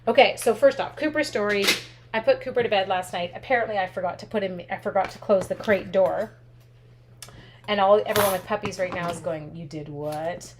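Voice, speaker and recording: A woman's voice: mid-range voice, brisk. Chatty woman demoing stamping. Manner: chatty and upbeat, thinks aloud, reads viewer comments. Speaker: craft instructor and live stream host. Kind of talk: live stamping demo, chatting with viewers. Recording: steady background noise with clicks.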